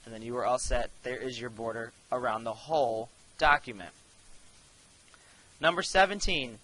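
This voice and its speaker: Young male teacher, bright voice, casual step-by-step screencast delivery. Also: a little high, rough recording. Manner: casual step-by-step instruction, addresses students directly. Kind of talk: screencast software tutorial.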